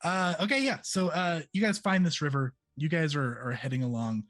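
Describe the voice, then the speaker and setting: A man running a tabletop game as game master, chatty and relaxed, with many fillers. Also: a little high, normal speed, no room sound.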